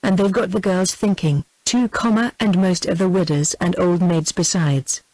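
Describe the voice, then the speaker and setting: Lowish British text-to-speech woman. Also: moderate pace, no room sound, poor audio. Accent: British English. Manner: even machine reading that speaks the word "comma" aloud. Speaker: audiobook narrator. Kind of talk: synthetic text-to-speech book reading.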